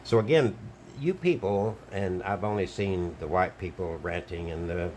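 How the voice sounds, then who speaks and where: A man's voice: deep voice, normal speed, darkish tone, slight background noise. An older man from Alabama, talking bluntly in a rambling monologue full of fillers. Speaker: video commentator. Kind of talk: casual monologue to camera.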